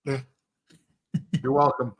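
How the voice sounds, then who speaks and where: Bright-voiced wisecracking man. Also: medium pitch, level tone, slow pace, breathy edge. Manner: crude, wisecracking. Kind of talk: casual chat on a live stream.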